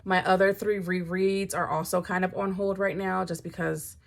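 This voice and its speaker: A young woman talks casually about her reading in a slightly low voice. She is dramatic and animated, dropping to near-mumbles and then leaping up into high, loud exclamations. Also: moderate pace, gravelly. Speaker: book vlogger. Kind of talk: casual chat.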